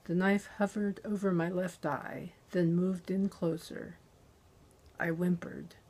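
A woman narrating a thriller audiobook in the first person, with a tense, unhurried delivery. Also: fairly low pitch, flat delivery, a little mellow, husky.

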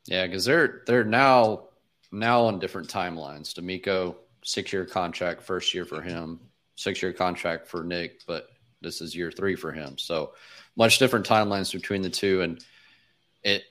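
Brief: male podcast host, very low voice, measured and hedging. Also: a bit bright. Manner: measured, thinking aloud with hedging. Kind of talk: casual podcast chat.

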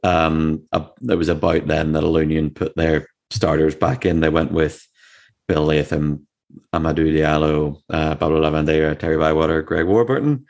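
Low-voiced joking man. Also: normal speed, gravelly. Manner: joking, teasing, animated asides. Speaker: podcast co-host. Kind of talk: casual sports chat.

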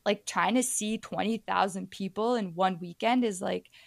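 A woman from Ontario, a podcast guest telling stories casually, with frequent "like" and lively acted-out quotes. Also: mid-range voice, normal speed, gravelly, dry recording, clean studio sound. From Ontario, Canada. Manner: chatty, heavy use of "like", acts out quoted voices. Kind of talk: casual storytelling.

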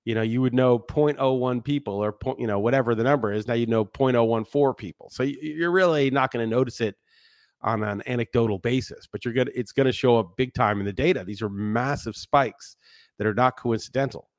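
A man's voice: mid-range voice, brisk, no room sound, clean studio sound. A man hosting a solo podcast, talking in a heated, profane, ranting way. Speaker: podcast host.

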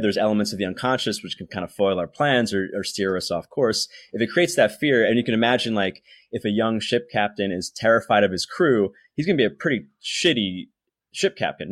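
A young man hosts a podcast and talks his way through ideas in a loose, rambling monologue, stopping and restarting often. His voice sits a little low, and the recording is dry and close with no room sound. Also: dry recording. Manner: rambling, many fillers and restarts. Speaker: podcast host. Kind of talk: casual explanatory monologue.

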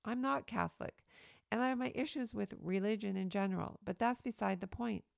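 Gravelly-voiced woman reading her essay. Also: medium pitch, fairly quick, no echo, studio quality. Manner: earnest, emphatic, steady. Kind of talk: read-aloud opinion essay.

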